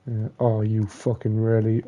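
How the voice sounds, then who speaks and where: A young man swearing and ranting angrily while commenting on his own gameplay, muttering curses under his breath between louder complaints. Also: on the low side, completely flat delivery, a little slow, heavy background noise. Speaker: gamer playing a platform game.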